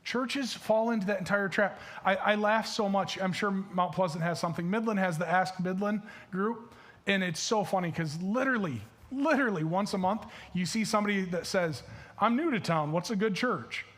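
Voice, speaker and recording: A man's voice: high voice, normal speed, fairly bright tone. A male pastor with a Michigan accent preaching a sermon in a casual, chatty way, full of fillers and restarts. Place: church stage.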